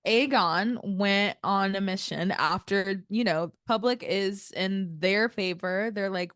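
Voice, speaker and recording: A woman's voice: mid-range voice, slow pace, hardly any pauses, fairly bright tone, no echo, studio quality. A young woman co-hosting a casual chat show, recapping a TV episode bluntly and with exasperation, with heavy fillers. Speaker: podcast co-host.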